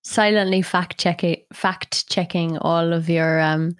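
A woman co-hosts a casual chat podcast, speaking at an unhurried pace. She giggles often between her lines. She teases her co-hosts in a dry, offhand way. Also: fairly low pitch, fairly even intonation, clear, resonant tone, dry recording. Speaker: podcast co-host.

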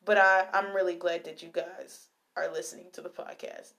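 A young adult woman hosting a podcast in a casual, slangy style, talking straight to her listeners, then reading a poem slowly and softly. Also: fairly low pitch, fairly even intonation, gravelly. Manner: chatty and slangy, addresses listeners directly. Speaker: podcast host.

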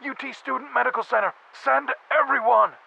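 A screaming panicked cop on a phone line. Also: male voice, extremely high pitch, a little fast, creaky, sharp tone, husky, voice pushed up, full character voice. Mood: desperate. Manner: frantic screaming. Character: panicked male SWAT officer screaming on phone. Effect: phone call playback. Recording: muffled phone recording.

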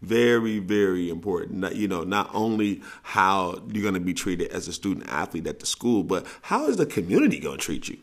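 Low-voiced blunt man. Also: a little fast, few pauses. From Southern United States. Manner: animated storytelling, blunt and profane, repeats for emphasis. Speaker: podcast host and coach. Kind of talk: casual advice talk.

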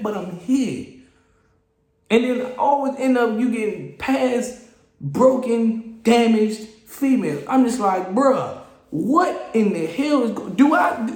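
On a casual solo podcast, a high-voiced host rants in an animated, exasperated manner, stumbling, repeating himself and restarting phrases. His voice echoes through a roomy space.

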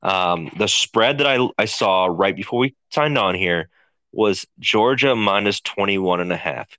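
A man's voice: fairly low pitch, a little slow, sharp tone, no echo. A man co-hosting a podcast, leading a casual sports chat in an easygoing, conversational way. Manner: easygoing, conversational, leads the questions. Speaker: podcast co-host.

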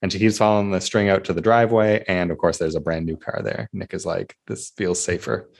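A man with a very low, deep voice talks through a TV episode on a podcast. He recaps scenes in a loose, conversational way, slipping into voices for the characters. The talk is casual and unscripted. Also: steady tone, fast, creaky. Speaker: podcast co-host. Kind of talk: casual chat.

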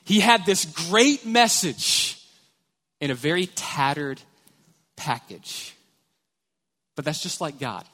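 Speaking slowly and pausing often, a male pastor with a slightly higher voice gives an animated, story-driven sermon. The long reverb of a church sanctuary carries his words.

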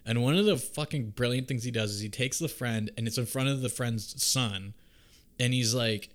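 A man's voice: mid-range voice, normal speed. A man casually recapping a movie, swearing a lot and acting out the characters' lines. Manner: profane, animated storytelling, acts out characters' lines. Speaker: podcast co-host.

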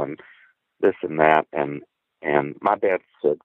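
With a sing-song lilt to his very low, deep voice, a man shares a past encounter over a thin, tinny phone line that carries no room sound. He's earnest and halting, frequently repeating a word when the story gets tense.

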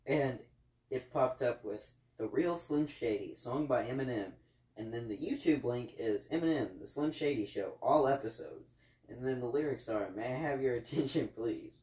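A man's voice: medium pitch, measured pace, darkish tone, distant mic. A young man co-hosting a podcast, goofy and playful in casual banter. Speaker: podcast co-host. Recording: echoey room, off mic.

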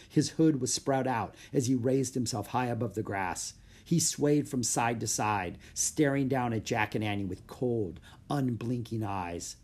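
A man reading a children's adventure book aloud, measured and slowing for suspense. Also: medium pitch, darkish tone. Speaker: audiobook reader. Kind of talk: scripted narration.

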